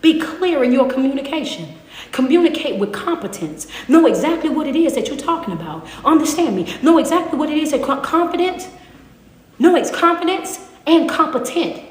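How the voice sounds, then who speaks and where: A woman's voice: high-pitched, very animated, normal speed. A woman preaching a casual devotional while walking on a treadmill, emphatic and conversational. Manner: emphatic, conversational preaching with call-and-response asides. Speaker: motivational speaker and preacher. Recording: echoey room with long reverb.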